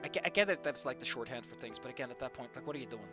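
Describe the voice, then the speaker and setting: Over loud music, this fanfiction critic talks very fast in an animated, medium-pitched voice. Reading a story aloud, the critic stops for exasperated, profane rants and sighs between points, a ranting commentary on the reading.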